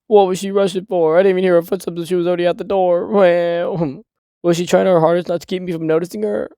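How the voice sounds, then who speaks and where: Frantic lovesick young guy, a man putting on a high, whiny voice, dry close sound. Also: level tone, fast talker, warm tone, clean tone, no echo. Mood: fretting. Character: panicky, insecure young man, lovesick college student.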